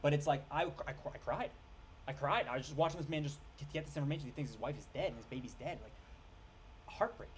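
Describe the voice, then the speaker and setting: Rambling, excitable male film reviewer. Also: on the high side, fast talker, slight background noise. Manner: rambling, restarts and stumbles over names; excitable, swearing. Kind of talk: casual rant review.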